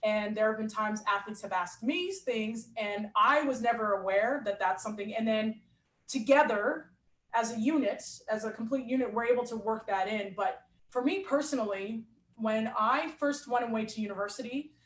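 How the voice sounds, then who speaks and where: Woman telling a story all animated, kinda high voice, roomy echo. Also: normal speed. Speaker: athlete and coach guest. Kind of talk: casual storytelling in an interview.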